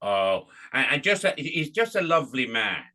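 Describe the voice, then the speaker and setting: Podcast host guy, bright sharp voice, friendly casual chat. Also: medium pitch, sing-song, moderate pace.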